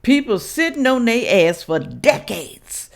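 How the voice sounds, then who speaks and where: A woman's voice: on the high side, big pitch swings, takes it slowly, gravelly. A woman hosting a reaction vlog, preaching emphatically to viewers and sniffly from sinus trouble. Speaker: reaction channel host. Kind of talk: casual direct-to-camera commentary.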